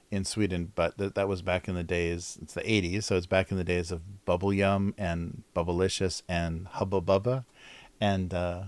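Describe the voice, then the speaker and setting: A man's voice: low voice, no room sound. A middle-aged man chatting casually on a livestream while drawing, rambling, cutting himself off and laughing often. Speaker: cartoonist livestreamer.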